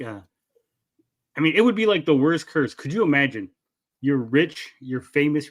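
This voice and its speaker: Guy just chatting on a podcast, blunt, jokey, laid back. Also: medium pitch. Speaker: co-host. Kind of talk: casual chat.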